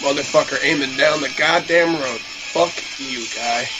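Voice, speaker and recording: A man's voice: mid-range voice, a little slow, poor audio. Swearing young man ranting over music. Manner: profane, ranting and frustrated, trash-talking. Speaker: podcast host. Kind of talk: casual gaming chat while playing. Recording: music playing behind the voice.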